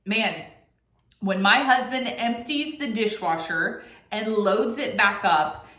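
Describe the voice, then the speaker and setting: A middle-aged woman talks to camera in a chatty, expressive way, slipping into little acted-out quotes as she goes. Her voice sits at an ordinary pitch. The sound bounces around an echoey room. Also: slow pace. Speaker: YouTube host. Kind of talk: casual to-camera talk.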